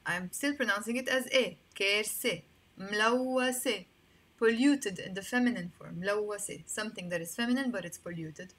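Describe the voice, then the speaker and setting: Bright-voiced Lebanese woman teaching Arabic. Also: fairly high pitch. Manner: patient, repeats words slowly for learners. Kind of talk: online language lesson.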